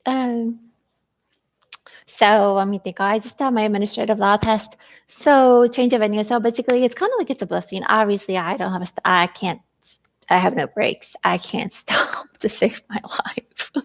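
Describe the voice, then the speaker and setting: A woman with a medium-pitched voice speaks at a moderate pace in a rambling personal vlog. She vents about family troubles, hesitating often and filling her speech with fillers.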